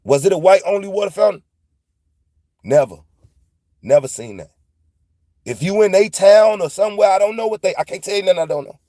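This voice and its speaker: A man's voice: high-pitched, expressive, brisk, pauses often, dark tone, no room sound, clean studio sound. A man, telling a loose, profane story in a casual monologue and retelling dialogue in quotes. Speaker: podcast host.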